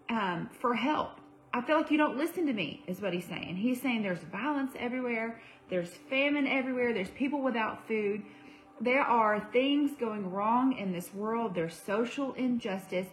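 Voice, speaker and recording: A woman's voice: medium pitch, poor audio. Young woman, devotional speaker, casual livestream teaching, filler words, self-corrections. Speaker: women's ministry speaker.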